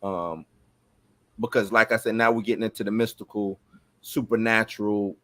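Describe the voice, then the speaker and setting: A man co-hosting a casual show review, talking in a relaxed, conversational way. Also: lowish voice, moderate pace. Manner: relaxed, conversational, "you know what I'm saying". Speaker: podcast co-host. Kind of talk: casual chat.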